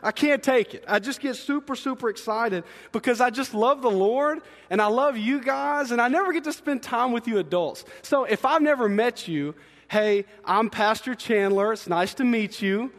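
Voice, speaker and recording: A young man preaching an energetic, joking sermon as a student ministry pastor, talking fast and excitedly. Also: extremely high pitch, in a large hall. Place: church sanctuary.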